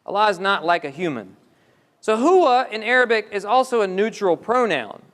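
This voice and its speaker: A man's voice: high voice, sing-song, normal speed, fairly bright tone. A man giving a religious lecture, explaining step by step and asking the audience questions. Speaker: Islamic lecturer. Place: mosque hall. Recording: long hall reverb.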